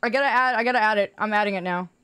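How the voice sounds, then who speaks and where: She speaks very fast in a mid-range voice that sounds pushed and bright yet smooth, with no echo. A game streamer chatting casually with viewers, she rambles goofily, teases herself, and laughs frequently.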